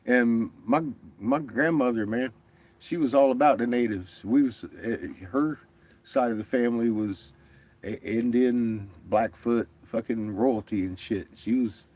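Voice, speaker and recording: With a medium-pitched, slightly mellow voice and a measured pace, this vlogger tells profane, laugh-filled stories in a casual chat. He quotes others by acting out their words.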